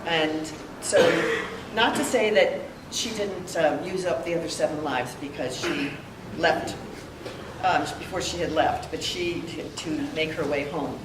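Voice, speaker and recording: An older woman giving a heartfelt memorial tribute, telling stories with pauses. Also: low voice, noisy background. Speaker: eulogy speaker. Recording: echoey room, heard from a distance.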